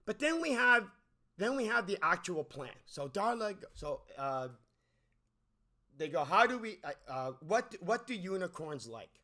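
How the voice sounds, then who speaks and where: A man's voice: high voice, big pitch swings, measured pace, sharp tone. Exasperated man ranting about a movie. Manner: exasperated, repeats words and restarts often. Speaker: movie critic.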